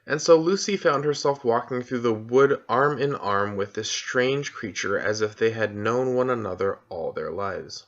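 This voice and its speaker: A man narrating a children's storybook aloud in a calm, measured reading voice, on a dull lo-fi recording. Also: on the low side. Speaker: audiobook reader.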